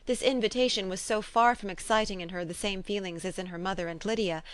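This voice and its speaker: A woman narrating a classic novel as an audiobook, measured and even. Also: medium pitch, clear, resonant tone. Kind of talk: scripted narration.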